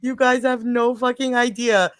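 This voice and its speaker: A woman from New York hosts a livestream in a slightly high voice, recorded close and dry. She tells stories in a lively, animated way and swears freely as she goes. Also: normal speed, no room sound. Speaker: livestream host. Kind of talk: casual storytelling.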